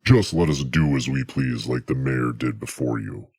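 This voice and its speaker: A man's voice: extremely low pitch, normal speed, darkish tone, slightly rough, voice pushed down, exaggerated voice. A man voicing a menacing, smug male gang boss who cackles and threatens over the phone.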